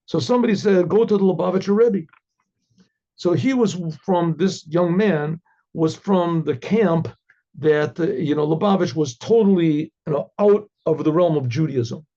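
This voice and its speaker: Gravelly man telling a story. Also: fairly high pitch, measured pace, warm tone. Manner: rambling, stops and restarts, throat-clearing. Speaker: rabbi. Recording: dull lo-fi recording.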